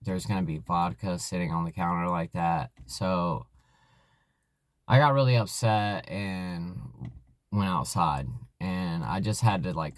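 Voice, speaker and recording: A man telling a personal story in a vlog, halting and earnest, with many fillers and restarts. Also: sits low, no room sound. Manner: candid, emotional retelling. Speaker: vlogger in alcohol recovery.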